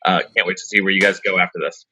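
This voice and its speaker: Man judge with a low bright voice. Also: little pitch movement, fast, a little hiss or hum, poor audio. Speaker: contest judge. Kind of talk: judge feedback.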